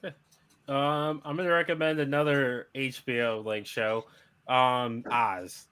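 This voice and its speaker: A man's voice: mid-range voice, level tone, unhurried, sharp tone, clean tone. A man co-hosting a podcast, chatting casually and rambling with lots of "like" and "um". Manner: rambling, hedging with "like" and "um". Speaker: podcast co-host. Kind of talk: casual chat.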